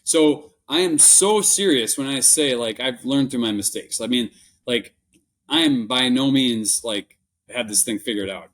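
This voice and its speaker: A man's voice: mid-range voice, measured pace, a bit bright. A man with a Minnesota accent, a podcast guest telling candid stories in an earnest, rambling way with many restarts. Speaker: podcast guest, business buyer. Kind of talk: candid interview storytelling.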